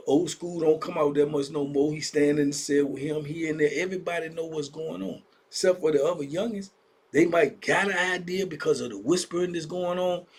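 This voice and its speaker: A man with a husky, darkish voice on the high side tells prison stories in a casual storytelling vlog. He speaks conversationally and directly to young listeners.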